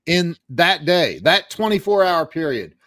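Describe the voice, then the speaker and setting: A man's voice: fairly high pitch, big pitch swings, a little slow, fairly bright tone, no room sound, clean studio sound. A man hosting an interview, reacting with amazed short remarks. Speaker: podcast host. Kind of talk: interview conversation.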